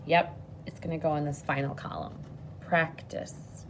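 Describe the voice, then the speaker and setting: A woman teaching a phonics lesson to children on video, patient and encouraging, speaking slowly and clearly. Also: low-pitched, level tone, slight background noise.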